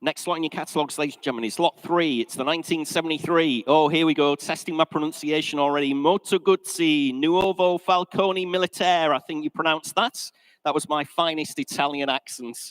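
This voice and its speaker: A man with an English accent calling a live classic vehicle auction in a sale room, brisk and chatty, joking with the bidders. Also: fairly high pitch, fairly even intonation, a bit bright, dry recording, poor audio.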